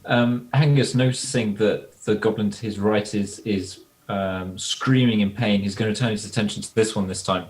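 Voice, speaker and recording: A man at a tabletop game narrates his character's attack in the third person. His voice sits lower than most men's. He talks casually and to the point. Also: steady tone, normal speed, hardly any pauses, rough recording. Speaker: player.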